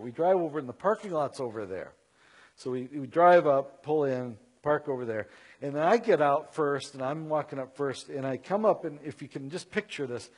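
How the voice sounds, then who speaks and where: Man, middle-aged, slightly high-pitched, animated, conversational, live storytelling talk. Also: breathy edge. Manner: animated, conversational, self-mocking asides. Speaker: speaker telling a story to an audience.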